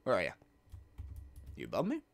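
A man's voice: low voice, huge pitch swings, brisk, creaky. Mumbling, foul-mouthed young gamer guy. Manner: swears a lot, talks to himself, swings from mumbling to loud outbursts. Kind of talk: casual let's play commentary.

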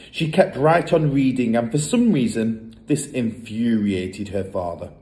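Male storyteller, mid-pitched voice, animated children's book reading. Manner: expressive, lively storytelling.

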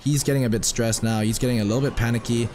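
A hoarse young man giving excitable, self-mocking live commentary while playing a mobile game, swearing often. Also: mid-range voice, fast talker, slight background noise. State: hoarse, recovering from a lost voice.

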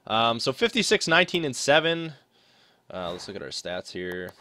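Young man, gameplay commentary, bright tone, dry close mic, rambling. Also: on the low side, no echo. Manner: rambling, filler-heavy, thinking aloud. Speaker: gaming commentator.

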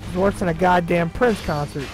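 A man with a high voice plays through a game and comments on it. He is frustrated and swears constantly, snapping at what happens on screen. Game music plays clearly behind him. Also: moderate pace, rough recording. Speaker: let's play gamer. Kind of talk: gaming commentary.

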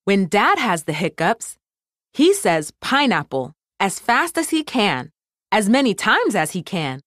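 A woman voicing a cheerful young girl who doctors toys, speaking gently and confidently. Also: mid-range voice, big pitch swings, a little slow, dry recording, studio quality.

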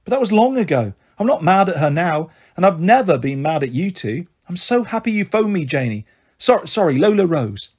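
Man putting on a jolly big auntie, high, husky, bustling, storybook reading. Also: very animated, normal speed, full character voice. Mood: hearty. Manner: warm, jolly, frank. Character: hearty big-hearted woman pub landlady aunt, bustling.

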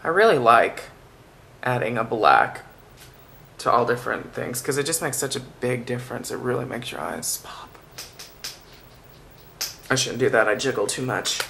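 Soft-spoken man with a gravelly edge. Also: medium pitch, animated, normal speed, long pauses, slight background noise. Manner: soft-spoken, chatty and playful. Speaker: makeup vlogger. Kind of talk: makeup tutorial.

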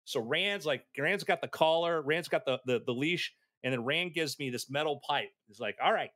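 A man telling anecdotes in a casual chat, animated and acting out the voices of people in his stories. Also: a little high, normal speed, no echo. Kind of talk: casual storytelling.

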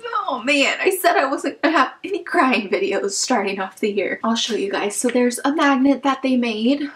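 A young woman from Wichita, Kansas hosts a casual YouTube vlog, opening fan mail with gushing emotion and plenty of "like" fillers. Her voice sits high and animated, a bit bright, at a moderate pace. The audio quality is poor.

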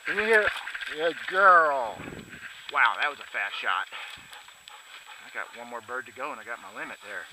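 A man out hunting with his dogs, shouting short commands to them and talking quietly to his camera. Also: lively intonation, normal speed, pauses often, slight background noise, rough recording. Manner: shouts dog commands, then talks low and quietly to the camera. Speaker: hunter filming his dogs. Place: outdoors in snowy rural fields.

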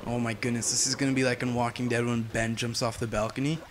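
Excitable man doing game commentary. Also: medium pitch, background noise. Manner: excitable, chatty, quick to exclaim. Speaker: gameplay commentator. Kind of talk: casual let's-play commentary.

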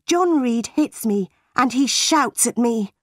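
A woman's voice: fairly high pitch, lively intonation, slow pace, a bit bright, no echo, clean studio sound, voice pushed up, full character voice. A woman voicing a defiant young orphan girl. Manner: defiant and earnest. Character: defiant, unhappy ten-year-old orphan girl.

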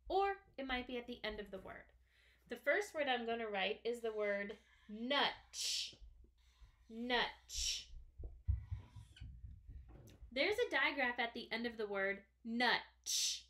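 A woman teaching first graders a phonics lesson on video, sounding out each word slowly and carefully. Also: fairly high pitch, animated, bright, forceful tone. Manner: slow, careful, stretched-out sounds.

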